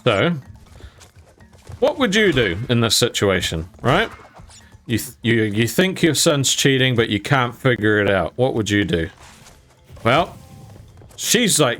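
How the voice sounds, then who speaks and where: Young Kiwi guy, animated storyteller, swears casually, mid pitch with big swings. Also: measured pace, long pauses, soft background music. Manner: animated, jokey, swears casually, acts out quotes. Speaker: gaming YouTuber.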